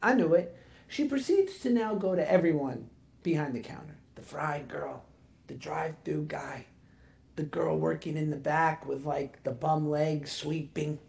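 A man in his thirties co-hosting a casual podcast, telling animated stories and laughing as he goes. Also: a little high, unhurried, vocal fry. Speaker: podcast co-host. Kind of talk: casual chat, storytelling.

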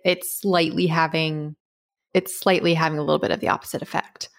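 A woman's voice: low-pitched, level tone, fairly quick, gravelly. A woman co-hosting a podcast in casual chat, talking in a rambling way with many fillers. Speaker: podcast co-host.

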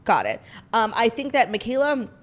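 A woman's voice: a little high, huge pitch swings, moderate pace. A woman co-hosting a podcast in easygoing, casual chat, often agreeing and using fillers. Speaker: podcast co-host.

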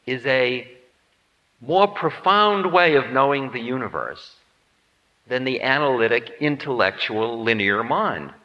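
A man's voice: medium pitch, expressive, a little slow, big-room sound, lo-fi sound. A man giving a spiritual lecture with playful, self-mocking humor, acting out voices as he tells stories. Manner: acts out quoted voices. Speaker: spiritual teacher.

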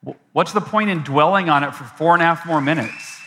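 A man's voice: fairly high pitch, a little fast, pushed and bright, a little hiss or hum. A man giving a motivational keynote and telling a story, acting out his own past voice with big swings. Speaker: keynote speaker. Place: large event hall. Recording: long hall reverb from a live event.

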